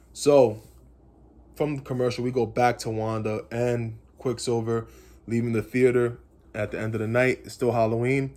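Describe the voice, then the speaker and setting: Male, medium pitch, loose speculative fan recap with lots of repetition. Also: a little mellow. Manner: rambling, speculative, repeats phrases. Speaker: comics channel host. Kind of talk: casual episode recap and theorizing.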